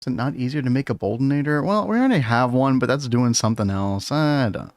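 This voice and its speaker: A man's voice: medium pitch, lively intonation, fast talker, no room sound, studio quality. A man chatting casually with his viewers and co-player while streaming a game, laughing often. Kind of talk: casual gaming livestream chat.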